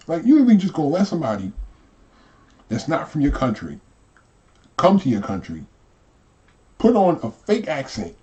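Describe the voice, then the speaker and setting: Mellow-voiced man doing reaction commentary. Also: mid-range voice. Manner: conversational, repeats himself, asks rhetorical questions. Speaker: host commentator. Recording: dull lo-fi audio.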